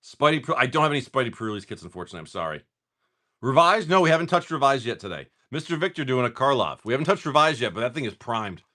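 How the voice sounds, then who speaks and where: A middle-aged man hosting a card-opening livestream, rambling through stories and swearing freely between pulls. His pitch jumps around in a lively way. He talks at an ordinary middle pitch, in a relaxed, chatty way. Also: rapid-fire. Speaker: livestream card-breaking host. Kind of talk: casual chat while opening card packs.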